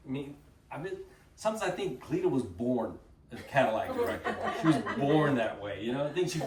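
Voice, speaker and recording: A man in his fifties from Texas with a Texan accent, telling animated folksy stories and saying y'all to his audience. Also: medium pitch, fairly quick, over a noisy crowd. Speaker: guest speaker. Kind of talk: casual storytelling talk. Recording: roomy, distant mic with faint noise.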